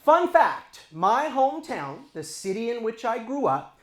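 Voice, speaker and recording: A man's voice: very high-pitched, big pitch swings, a little slow, fairly bright tone, reverberant. A man in his forties from eastern Los Angeles County doing a stand-up comedy set on a club stage, talking to the crowd in a conversational, self-deprecating way. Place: comedy stage before a live audience.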